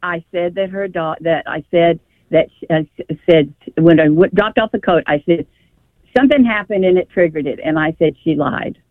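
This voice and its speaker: Over a tinny phone line, a caller on a call-in radio show speaks in a lowish voice at a moderate pace, the recording dry. She's an older woman recounting a lengthy story, rambling and emotional, often starting over.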